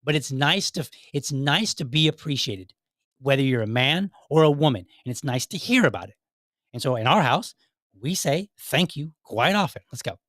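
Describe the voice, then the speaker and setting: A middle-aged man hosts his own podcast, rambling chattily through casual solo commentary with many restarts. His medium-pitched voice has lively intonation, normal speed, and a fairly bright tone, in a dry, clean studio recording.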